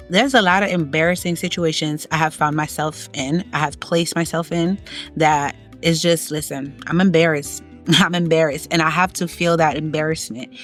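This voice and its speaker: A woman giving motivational advice in a monologue, emphatic and preachy, repeating her key phrases for stress. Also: lowish voice. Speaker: self-help vlogger.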